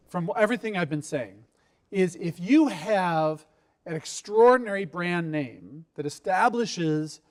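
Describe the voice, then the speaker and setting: A middle-aged man with a notably high voice coaches founders in a live workshop. He talks in a lively way, quizzes the room and acts out quotes in his stories. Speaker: investor giving pitch advice. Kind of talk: workshop talk to a live audience.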